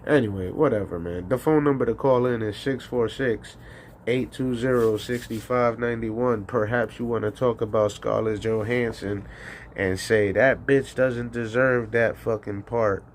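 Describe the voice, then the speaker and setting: A man's voice: fairly low pitch, steady tone, moderate pace, a little hiss or hum. A man hosting a call-in livestream, rambling casually with profanity and frequent laughter. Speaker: call-in show host.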